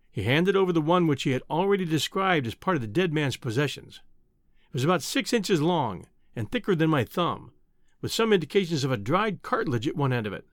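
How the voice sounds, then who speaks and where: A man narrating a novel aloud in an expressive, theatrical reading. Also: a little high, a little fast, no room sound, clean studio sound. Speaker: audiobook narrator. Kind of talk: scripted narration.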